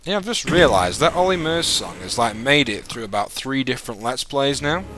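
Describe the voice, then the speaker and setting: A man's voice: mid-range voice, animated, normal speed, noisy background. A man giving casual, chatty let's-play commentary, exasperated and self-mocking, with game music behind him.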